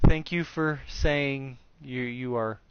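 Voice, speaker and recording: Man, 30s, unhurried crude storyteller, slightly muffled recording. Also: mid-range voice, clear, resonant tone. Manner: slow, animated, crude and joking. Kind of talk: casual storytelling.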